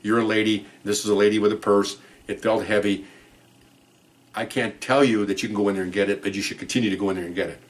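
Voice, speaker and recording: A man quoting a calm, earnest judge. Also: fairly low pitch, close to an everyday voice. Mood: pleading. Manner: measured, quiet, slow and deliberate. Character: calm earnest male judge giving advice.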